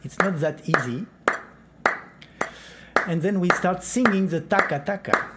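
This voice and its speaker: A man explaining flamenco clapping in a patient tutorial, counting and chanting the beats as he goes. His voice sits a little high for a man. A clear hiss of noise runs under the recording. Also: lively intonation, unhurried. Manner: counts beats aloud and sings syllables. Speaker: flamenco rhythm teacher.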